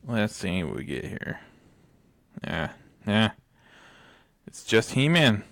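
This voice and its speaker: A man's voice: fairly low pitch, big pitch swings, slow pace, creaky, fairly bright tone, no room sound. A man co-hosting a podcast in casual chat, rambling and chuckling often between thoughts. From United States. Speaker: podcast co-host.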